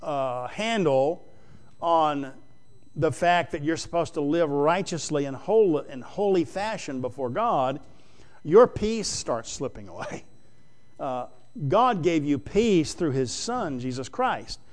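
A man preaching a sermon, reading scripture aloud with plain-spoken comments and frequent pauses and fillers. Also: fairly high pitch, animated. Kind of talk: sermon, Bible exposition.

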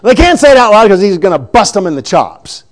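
A man preaching a sermon, retelling scripture in an animated, chuckling storytelling way. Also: high voice, brisk.

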